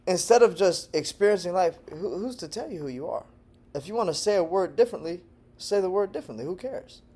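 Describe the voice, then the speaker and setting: A man from Texas talking to camera in a casual vlog monologue, animated and digressive, jumping between loud bursts and low murmurs and laughing often. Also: fairly quick, breathy edge. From Texas, United States. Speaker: language-learning vlogger.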